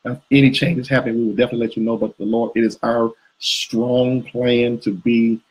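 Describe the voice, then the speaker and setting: A man's voice: mid-range voice, flat delivery, fairly quick, breathy edge, low-quality recording. A man co-hosting a live couples show, talking casually and rambling with fillers and restarts. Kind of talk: live video chat with viewers.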